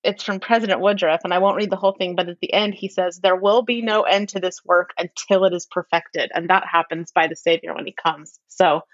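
A woman's voice: lowish voice, fairly even intonation, fairly quick, few pauses, dry recording. A woman in a casual religious discussion who speaks earnestly and reads quotations aloud with feeling. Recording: dry, slightly muffled audio.

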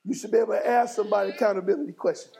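A man preaching a sermon as bishop in a church, working the congregation and rising to shouts. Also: sits high, steady tone, very fast, creaky, soft background music, rough recording. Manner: fiery call-and-response preaching, rising to shouts. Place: church sanctuary.

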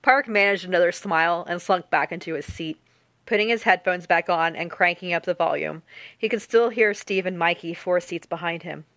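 A woman reading a novel aloud with a steady storytelling delivery. Her voice sits somewhat low, captured close and dry with no room sound. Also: moderate pace, no echo. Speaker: audiobook narrator. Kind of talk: audiobook narration.

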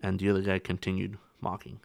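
A man with a gravelly, fry-laden voice, talking earnestly on a podcast. His pitch sits fairly low and the sound is dry and close. He often restarts mid-phrase. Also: completely flat delivery, fast talker, a little mellow, dry recording. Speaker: podcast co-host. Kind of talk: casual podcast discussion.

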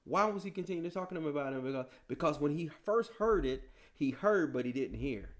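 A man's voice: fairly high pitch, animated, brisk. A man preaching a sermon in a casual, slangy style, full of rhetorical questions.

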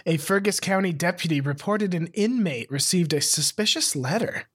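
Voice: medium pitch, animated, normal speed, slightly rough. A podcast co-host with a mid-range voice, reading police reports aloud and joking about them. The delivery is wry and casual, with frequent laughter.

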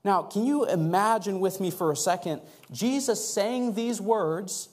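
High-voiced preaching pastor. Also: male voice, unhurried, few pauses. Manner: earnest preaching, rising and louder for emphasis, asks the congregation to respond. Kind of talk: sermon. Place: church sanctuary.

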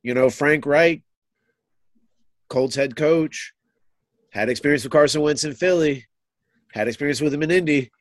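A man's voice: on the high side, dry recording. Congested man co-hosting a sports podcast. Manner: halting, with restarts and fillers, thinking aloud. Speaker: podcast co-host. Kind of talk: casual sports podcast chat.

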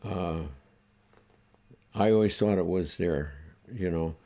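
An older man from the United States, reflecting in a halting, chuckling way during an oral history interview. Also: low-pitched, warm tone. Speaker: interviewee recalling his childhood.

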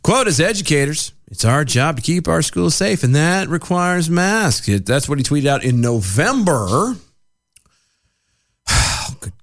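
A man co-hosting a casual political podcast, sarcastic and quick to laugh as he reads out quotes. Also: on the high side, creaky. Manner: sarcastic, animated, laughs easily. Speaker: podcast co-host.

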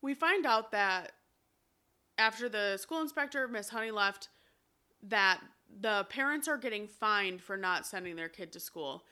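A woman co-hosting a podcast, casually recapping a musical with lively, swearing retellings. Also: medium pitch, unhurried, smooth. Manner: animated, swears casually, acts out quotes. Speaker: podcast co-host.

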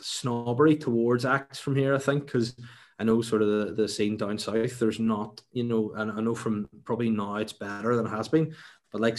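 A young man with a Northern Irish accent, a stand-up comedian chatting casually in an interview, rambling with many restarts. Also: fairly low pitch. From Northern Ireland.

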